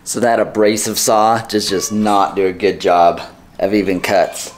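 A man with a fairly low voice talks in a relaxed, chatty way while he works in his home garage. He thinks aloud as he goes, and a faint hiss sits under the recording. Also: a little slow. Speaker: DIY vlogger. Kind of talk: casual workshop vlog.

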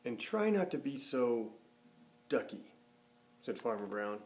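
A man reading a children's picture book aloud, expressive, lifting his voice for the characters and dropping low and soft at the ends of sentences. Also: moderate pace. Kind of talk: storybook read-aloud.

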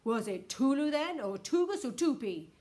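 A woman voicing a blustering, childish male president who talks in a petulant, loud way. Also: high voice, very animated, moderate pace.

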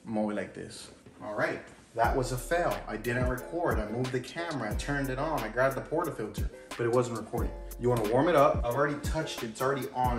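A man rambling casually through a home coffee-making vlog in his kitchen. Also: mid-range voice. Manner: rambling, chatty, self-interrupting. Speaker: vlogger. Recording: echoey room with music playing.

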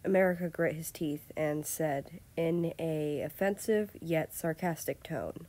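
Lady narrating fanfic, steady and lowish. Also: unhurried. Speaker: fanfiction reader. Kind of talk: reading fan fiction aloud.

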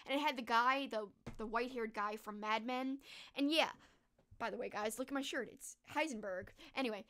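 Woman streamer chatting away, high voice, little exclaims here n there. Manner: chatty, animated, mild exclamations. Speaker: streamer host. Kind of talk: casual chat.

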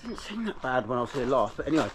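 A chatty man with a mid-pitched voice, rambling through a casual vlog from outside a house. He often restarts his sentences, and clear outdoor noise runs under his voice. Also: big pitch swings, racing, rough recording. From England. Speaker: roof cleaning business owner.

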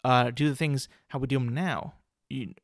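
A man's voice: medium pitch, steady tone, moderate pace, no room sound, studio quality. A man hosting a casual solo podcast, rambling with lots of "like" fillers, restarts and casual swearing. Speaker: podcast host.

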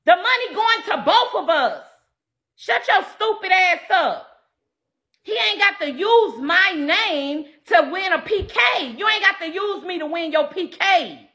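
A confrontational female livestreamer blasts her chat in a loud, foul-mouthed rant. Her high voice is bright and sharp, swooping wildly in pitch, and she stays expressive and unhurried.

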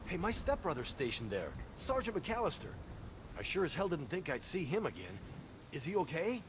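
A man's voice: huge pitch swings, moderate pace. An actor playing a grateful, relieved male firefighter who speaks earnestly. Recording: game audio with rumble and noise.

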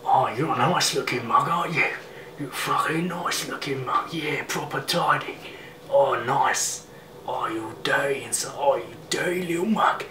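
A man's voice: medium pitch, normal speed, echoey room, distant mic, background noise, natural voice. A man doing a crude, leering Cockney man with a coarse voice that drops at times to a whisper.

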